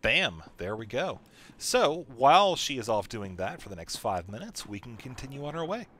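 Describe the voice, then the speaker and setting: A man's voice: medium pitch, sing-song, moderate pace, fairly bright tone, breathy edge. A man casually commenting while playing a video game, chatty and joking. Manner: chatty, joking, laughs often. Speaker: let's play host.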